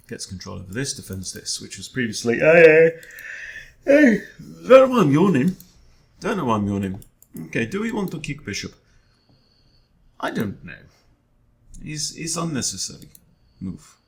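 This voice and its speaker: A man's voice: mid-range voice, gravelly. A man, a chess coach, thinking aloud during an online game in a wry, self-deprecating way, often muttering to himself.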